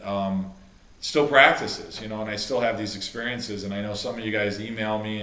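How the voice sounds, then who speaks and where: A man's voice: lowish voice, bright, forceful tone, roomy sound. A middle-aged man, a chiropractor and coach, telling a heartfelt story in a rambling way, with many restarts and fillers. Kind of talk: casual video talk.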